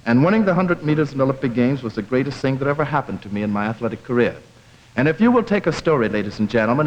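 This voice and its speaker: A man speaking as a guest on a theater stage. He tells a story in a formal, oratorical style, with measured, deliberate phrasing. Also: medium pitch, darkish tone. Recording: dull lo-fi 1950s television sound.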